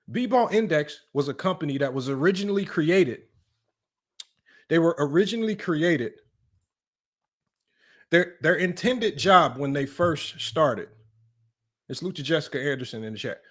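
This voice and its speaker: A man's voice: a little high, a bit bright. A man hosting a livestreamed sports debate, emphatic and repetitive, often tagging his points with a question. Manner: emphatic, repetitive, keeps asking "right?". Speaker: sports debate show host.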